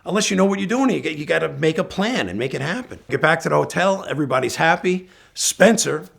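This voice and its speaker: A middle-aged man casually telling a road-trip story as a guest, animated and acting out the lines of people in it. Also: a little high, quick pace, creaky, slightly rough.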